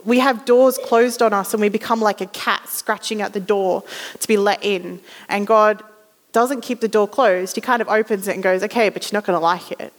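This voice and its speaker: A woman's voice: medium pitch, steady tone, normal speed. A woman giving a conversational sermon, acting out little voices as she tells stories. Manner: conversational storytelling, acts out voices. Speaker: guest preacher. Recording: reverberant hall.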